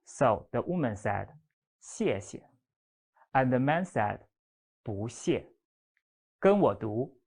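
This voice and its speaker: A teacher leading a beginner Chinese lesson at an unhurried, steady pace. The delivery is patient, and each example word is stretched out slowly for students to repeat. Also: mid-range voice, husky. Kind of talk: slow instructional explanation with repeat-after-me drills.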